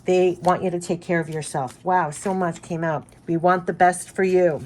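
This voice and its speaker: A woman's voice: on the low side, fairly even intonation, moderate pace, few pauses. A woman giving a spiritual card reading, speaking in an earnest, effusive way and repeating her messages. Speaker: tarot card reader.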